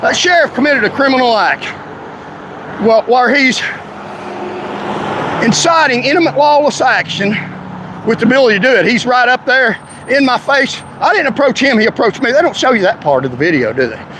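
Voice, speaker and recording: A man's voice: very high-pitched, lively intonation, normal speed, pauses often, sharp tone, slight background noise, rough recording. A man in a heated, indignant, confrontational rant straight to his followers. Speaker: vlogger ranting to followers. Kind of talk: angry direct-to-camera rant.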